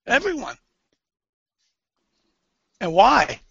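A man preaching fervently, swinging between hushed and loud, sounding tearful. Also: extremely high pitch, huge pitch swings, extremely slow, vocal fry, breathy edge, no room sound. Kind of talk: impassioned preaching. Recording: dull lo-fi recording.

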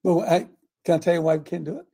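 A man hosting a talk show with a gravelly, husky voice. He exhorts his audience like a preacher, bursting into shouts and then falling to quiet asides. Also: a little high, fast talker. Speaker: host.

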